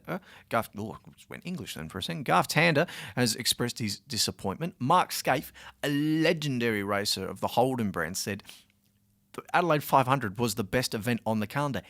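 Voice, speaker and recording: A man's voice: mid-range voice, a bit bright. A young Australian man co-hosting a student radio chat show, talking with passion and indignation and laughing often.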